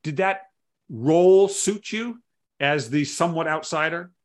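A man's voice: fairly high pitch, measured pace. A man hosting an interview, chatty and exclaiming, often restarting his sentences. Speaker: podcast host. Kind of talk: casual interview chat.

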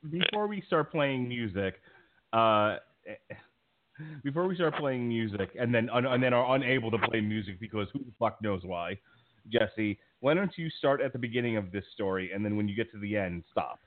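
Male host, lowish voice, mock-formal wisecracks, tinny line. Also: normal speed. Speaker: podcast host. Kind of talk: casual chat. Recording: tinny phone-like line, dry.

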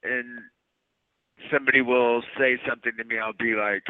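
A man's voice: mid-range voice, steady tone, moderate pace, clean tone, dry recording. A man chatting casually as a guest, rambling with restarts and playful slang. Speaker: guest actor. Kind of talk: casual chat. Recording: phone-like audio.

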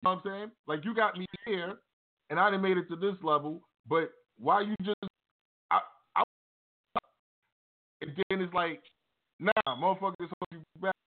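A man with a high voice hosts a casual live radio show, talking in relaxed street slang with plenty of fillers and long pauses at a normal speed. It's a Facebook live stream, and the audio sounds tinny, like a phone line.

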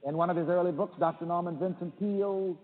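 Mężczyzna wygłaszający kazanie przez telefon. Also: male voice, sits high, fairly even intonation, fast talker. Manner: emphatic preaching that leads the listeners in call-and-response affirmations. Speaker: pastor and show host. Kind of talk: radio sermon. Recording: tinny phone line with hall echo.

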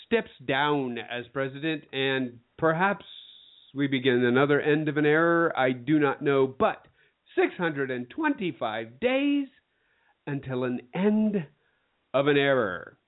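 A man's voice: mid-range voice, animated, a little slow. Guy hosting a chat show, playful quizmaster, bouncy voice, sounds tinny like a phone line. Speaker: show host. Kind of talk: casual chat show quiz.

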